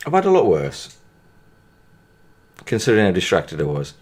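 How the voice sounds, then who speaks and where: A man's voice: low voice, wildly swooping pitch, moderate pace, pauses often, darkish tone, husky. A man who is a gaming YouTuber, chatting casually over his gameplay and repeatedly breaking into laughter. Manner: giggly, keeps breaking into laughter.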